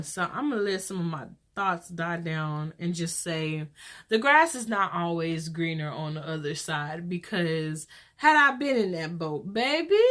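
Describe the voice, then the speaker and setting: A woman in her twenties hosting a casual vlog, chatty and rambling, telling stories in a lively way. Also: fairly low pitch. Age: 20s. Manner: chatty, rambling, lively storytelling with church talk. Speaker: vlog host.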